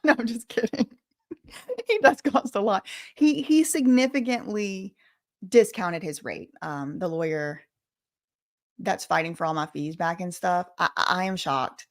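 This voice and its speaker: A woman's voice: fairly low pitch, a little slow. A woman hosting a casual livestream, chatting, joking and thanking donors. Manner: chatty, animated, joking asides. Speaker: livestream host. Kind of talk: casual livestream chat reading donations.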